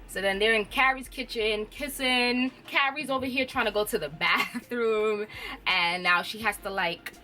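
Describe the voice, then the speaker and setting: A woman's voice: medium pitch, sharp tone. A woman reviewer casually recapping a TV episode, chatty and often laughing. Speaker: TV show reviewer.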